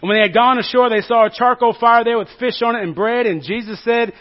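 A man with a high voice preaches a sermon. He retells the story with humor and plays out the quotes, swinging from loud to hushed. The recording sounds dull and lo-fi. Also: fast. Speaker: pastor.

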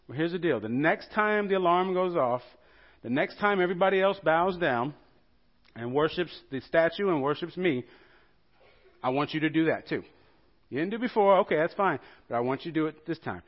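A man's voice: fairly high pitch, lively intonation, a little fast, natural voice. A preacher playing an angry ancient king who gives blunt, threatening orders, in a dull lo-fi recording.

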